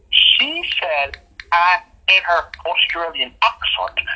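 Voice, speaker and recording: A man co-hosting a podcast, telling a story in a casual, indignant, animated way. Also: on the high side, measured pace, low-quality recording. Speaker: podcast co-host.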